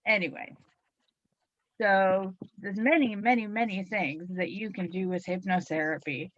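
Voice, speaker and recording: Bubbly middle-aged hypnotherapist lady on the radio, kinda froggy hoarse voice, dry close sound. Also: mid-range voice, steady tone, unhurried, no room sound, highs cut off. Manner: bubbly, playful, chatty. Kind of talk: talk radio show with guided relaxation.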